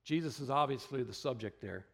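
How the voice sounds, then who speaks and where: A man's voice: mid-range voice, brisk. Chatty, easygoing male pastor. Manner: relaxed and chatty, with wry asides and many fillers. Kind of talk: conversational sermon. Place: church.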